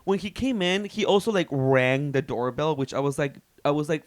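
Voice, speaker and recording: Man, gossipy podcast co-host, animated storytelling, fairly high voice, dry close mic. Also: normal speed, hardly any pauses, dry recording. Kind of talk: casual chat.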